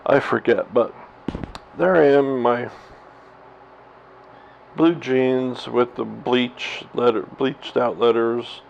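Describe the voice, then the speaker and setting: Rambling man with a gravelly voice. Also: medium pitch, fairly even intonation, slow, pauses often, a little mellow. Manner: rambling, profane, laughs at himself. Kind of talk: candid personal vlog monologue. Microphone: camera mic. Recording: slightly dull lo-fi camera audio with faint hiss.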